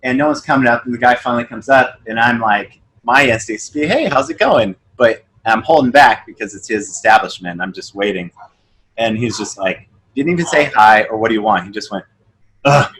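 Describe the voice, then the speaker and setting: As a podcast guest, this young sales coach keeps the conversation casual, recounting stories and acting out their dialogue with lively pitch jumps. He talks fairly quickly, captured on a low-quality recording.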